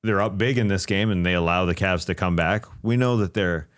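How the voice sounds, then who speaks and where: A man co-hosting a casual basketball talk show, relaxed and self-deprecating. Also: deep voice, fairly quick, smooth. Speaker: podcast co-host. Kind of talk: casual sports chat.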